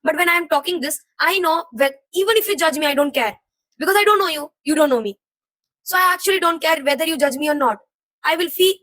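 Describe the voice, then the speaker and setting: A young woman vlogger with a high, slightly bright voice vents her jumbled thoughts to camera, rambling, confused and frustrated while feeling emotionally heavy. The recording is dry and the audio is poor.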